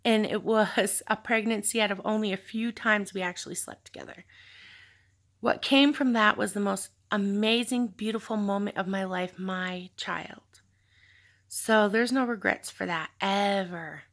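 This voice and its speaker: A woman's voice: mid-range voice, fairly even intonation, measured pace, fairly bright tone. A woman telling a personal story in a candid, reflective vlog, with sighs and fillers. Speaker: vlogger telling her story.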